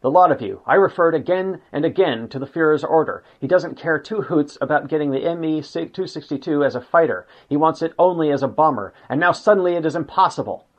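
Casting: man doing a furious, loud, scolding commander, pitched up, dull lo-fi sound. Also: brisk, few pauses. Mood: raging. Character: raging middle-aged man, air force chief berating engineers.

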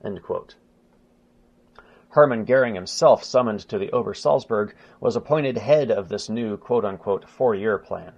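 A man reading a history book aloud in a measured way, stumbling and restarting now and then and announcing quotes aloud. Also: fairly low pitch, gravelly, darkish tone, husky. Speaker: narrator. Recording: dull lo-fi recording.

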